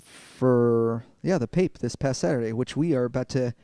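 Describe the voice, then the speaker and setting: A man's voice: medium pitch, moderate pace, warm tone, smooth, no room sound, clean studio sound. Laid-back man co-hosting a podcast. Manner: laid-back, profane banter. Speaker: podcast co-host. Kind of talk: casual podcast chat.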